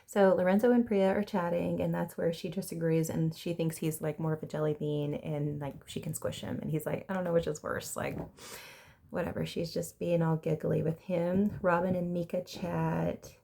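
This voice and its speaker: A woman's voice: fairly low pitch, little pitch movement, moderate pace, creaky, dark tone. A woman casually recapping a reality TV episode, gossiping and acting out what the contestants said. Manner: chatty, gossipy, acts out quotes with laughs. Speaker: reality TV reviewer.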